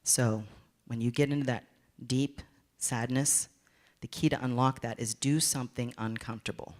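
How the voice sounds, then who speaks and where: A woman's voice: rumbling low, fairly even intonation, normal speed, darkish tone. A woman giving a candid, playful motivational talk, telling a story and acting out her own inner voice. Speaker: motivational speaker.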